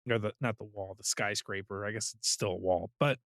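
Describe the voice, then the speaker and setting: A man's voice: on the low side, fairly quick, a bit bright, dry recording, clean studio sound. A man co-hosting a podcast in casual chat, laughing often as he retells movie scenes. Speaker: podcast co-host.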